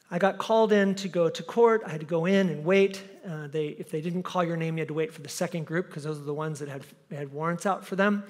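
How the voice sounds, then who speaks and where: A man with a high voice preaches in a church, and his words trail off into a long reverb. He is an animated storyteller who breaks into the voices of the people in his anecdotes. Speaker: pastor. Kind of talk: sermon with personal story. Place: church sanctuary.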